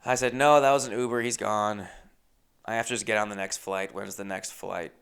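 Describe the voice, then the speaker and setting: A young man hosting a podcast, telling a casual story with lively asides, acting out other people's lines and swearing freely. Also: fairly low pitch, brisk, creaky, clear, resonant tone. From Los Angeles. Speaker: podcast host.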